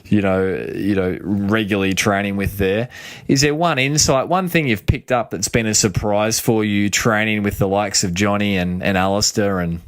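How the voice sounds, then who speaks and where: Male podcast host, physiotherapist, low voice, relaxed friendly questions. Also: normal speed. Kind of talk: casual interview chat.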